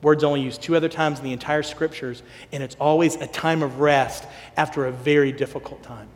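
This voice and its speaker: A man preaching a sermon, animated, acting out quoted lines and dropping to a soft hush for emphasis. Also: a little high, a little fast, hardly any pauses. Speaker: pastor. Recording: long hall reverb.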